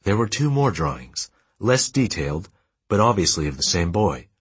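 A man reading an audiobook in a steady, measured storytelling manner. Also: sits low, slightly rough, dry recording. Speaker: audiobook narrator. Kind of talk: scripted narration.

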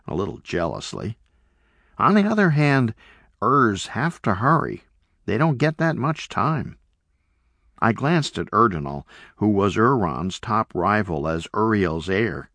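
A male audiobook narrator reading slowly and deliberately, letting each phrase land. His pitch moves a great deal as he tells the story in the first person. The recording is dry and close, with no room sound. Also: dry recording. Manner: measured, expressive storytelling.

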